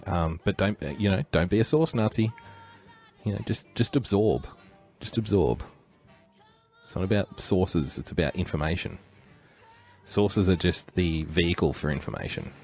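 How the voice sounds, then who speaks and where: Low-voiced man riffing on a livestream. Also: normal speed, a little mellow, faint music behind. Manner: rambling, joking, chuckling asides. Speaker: livestream host. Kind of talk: casual livestream commentary.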